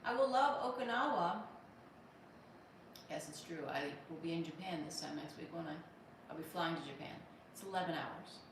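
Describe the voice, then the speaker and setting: A woman's voice: low-pitched, moderate pace, noisy background. American woman doing a chill livestream, dry jokes, roomy echo, bit far from the mic. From United States. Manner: wry, joking, thanks viewers by name. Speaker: livestream host reading viewer comments. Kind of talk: casual livestream chat.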